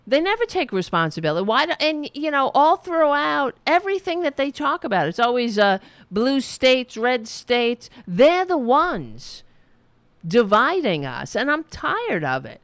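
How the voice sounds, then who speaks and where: A woman's voice: high voice, big pitch swings, unhurried, dry recording. Angry, profane woman ranting politics. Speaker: political talk show host. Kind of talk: live-streamed political commentary.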